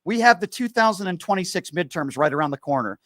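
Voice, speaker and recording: A man's voice: sits high, expressive, fast talker, fairly bright tone, dry recording, clean studio sound. A man hosting a call-in show, earnest and reassuring as he talks to callers. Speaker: host.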